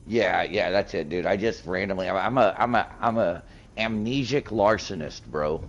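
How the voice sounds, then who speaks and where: A man with an extremely low voice chats while he plays, spinning a profane story full of quoted back-and-forth. The talk is loose and animated. A faint hiss runs under the recording. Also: normal speed, lo-fi sound. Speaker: gaming streamer. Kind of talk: casual chat while gaming.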